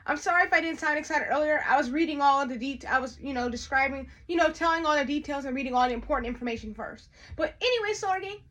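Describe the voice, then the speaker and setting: A woman's voice: high voice, fast, hardly any pauses, fairly bright tone, a little hiss or hum. A woman, chatting to her viewers in an unboxing vlog, often repeating herself. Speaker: vlogger.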